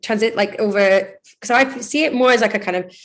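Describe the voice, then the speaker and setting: A woman's voice: mid-range voice, a little fast, a little hiss or hum. Chatty woman DJ talking about her music. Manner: chatty, rambling, laughs often, many "like" fillers. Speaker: DJ and producer, interview guest. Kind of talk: casual interview chat.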